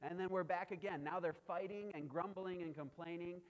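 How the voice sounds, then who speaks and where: A man with a somewhat high voice preaches in a casual, conversational way, checking in with "right?" as he goes. His voice rings out with the long reverb of a large hall. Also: fairly even intonation, moderate pace. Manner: conversational preaching, frequent "right?" asides, chuckles. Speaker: pastor. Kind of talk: sermon.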